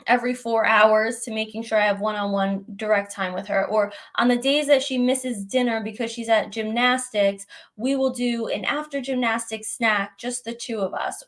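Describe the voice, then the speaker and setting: A young adult woman hosts a live Q&A stream, answering viewer questions with conversational, gently reassuring advice. Her pitch is fairly high, and she often checks in with "right?"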